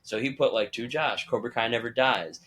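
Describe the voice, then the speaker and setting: Bright-voiced man telling animated stories. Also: medium pitch, normal speed. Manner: animated storytelling, acting out quoted voices. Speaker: podcast host. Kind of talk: casual chat.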